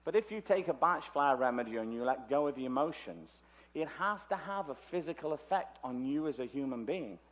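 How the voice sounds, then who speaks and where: A man's voice: medium pitch, lively intonation, brisk. A British man, originally from Liverpool, delivers a conference lecture in a chatty, joking manner full of asides. His voice sits in a middling register. The recording sounds dull and lo-fi. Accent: British English. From Liverpool, England. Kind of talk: conference talk. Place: conference hall.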